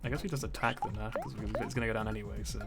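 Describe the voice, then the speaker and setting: A man's voice: lowish voice, rapid-fire, loud music behind the voice. Easygoing male streamer thinking aloud. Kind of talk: casual gameplay commentary.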